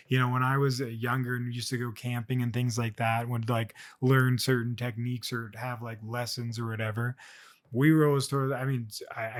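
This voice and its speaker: A young man thinks aloud in a one-take solo vlog. His delivery is loose and conversational, full of fillers, false starts and self-corrections. His pitch sits in the middle for a man. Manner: rambling, many fillers and restarts. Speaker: vlogger. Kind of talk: casual solo monologue.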